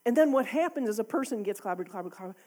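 A woman's voice: medium pitch, lively intonation, rapid-fire, darkish tone. A woman preaching a sermon to a congregation in a church, talking candidly and conversationally, often with a laugh.

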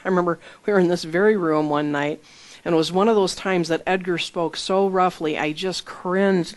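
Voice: mid-range voice, fairly even intonation, moderate pace, vocal fry. A preacher giving a conversational sermon, reading scripture aloud and explaining it plainly through personal stories. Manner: earnest, reads scripture then explains it plainly; tells personal stories with small laughs. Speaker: Bible teacher.

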